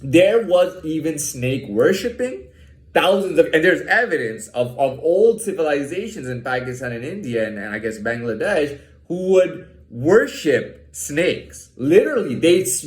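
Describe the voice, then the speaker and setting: A man's voice: a little high, big pitch swings, a little slow, reverberant. A man talking in a casual, rambling monologue, swearing freely and stumbling over repeated words as he rants. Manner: profane, repetitive, restarts often, aggravated rants.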